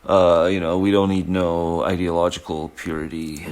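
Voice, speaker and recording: A man's voice: deep voice, level tone, normal speed, darkish tone. A man giving casual, rambling commentary from home, sardonic and mocking, laughing often as he talks over a played reading. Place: home kitchen.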